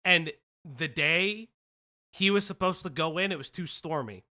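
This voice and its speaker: Stream host, excitable, swearing, casual commentary, bright tone. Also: medium pitch, a little slow. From United States. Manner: excitable, swearing, trailing restarts.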